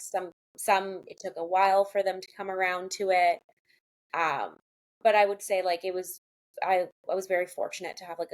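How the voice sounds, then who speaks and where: Woman, 30s, podcast guest; casual, chatty, frank, lots of "like". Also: lowish voice. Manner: chatty, fills talk with "like", swears casually. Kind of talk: casual chat.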